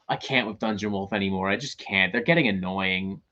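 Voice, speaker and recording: A man's voice: low voice, a little fast, hardly any pauses, sharp tone, dull audio. A man hosting a show, ranting in casual talk, profane and exasperated. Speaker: host.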